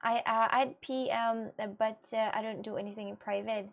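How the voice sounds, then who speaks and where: A woman's voice: a little high, steady tone, normal speed, vocal fry. Rambling young woman streamer. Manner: rambling, many fillers and restarts, reads chat aloud. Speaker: livestreamer chatting with viewers. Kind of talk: casual chat.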